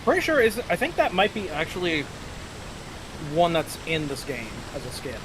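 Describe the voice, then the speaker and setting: A man in a casual chat, upbeat and chatty with quick asides. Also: a little high, huge pitch swings, noisy background. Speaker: co-host of a gaming chat. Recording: music playing behind the voice.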